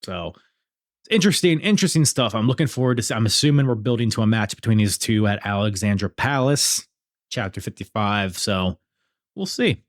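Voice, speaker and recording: A man's voice: fairly low pitch, animated, a little fast, dry recording, studio quality. A young man hosting a podcast, talking casually and swearing freely as he recaps events. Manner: conversational, swears freely, acts out quotes. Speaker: podcast host. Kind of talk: casual solo review podcast.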